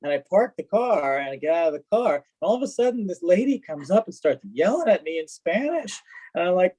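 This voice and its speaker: A man telling stories in a casual chat as a guest, lively, acting out what people said. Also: sits high, fairly quick, low-quality recording. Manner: animated, acts out quoted dialogue. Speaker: guest, car collector. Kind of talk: casual storytelling.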